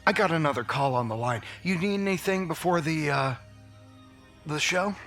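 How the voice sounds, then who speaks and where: A man voicing a slick male showbiz agent who flatters and reassures in a smooth-talking way. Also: on the high side, normal speed, soft background music, natural voice. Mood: reassuring.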